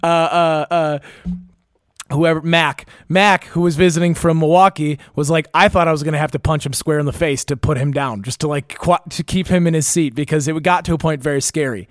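A man's voice: a little high, fairly even intonation, a little fast, no echo, studio quality. A young man telling a wild story in a casual chat, rambling and profane, with lots of fillers and restarts.

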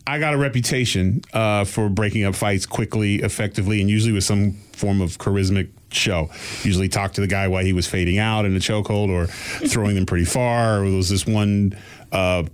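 A man telling a long story in a casual, animated way, with voices for the people he quotes. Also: lowish voice, brisk, clear, resonant tone. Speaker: podcast guest telling a story.

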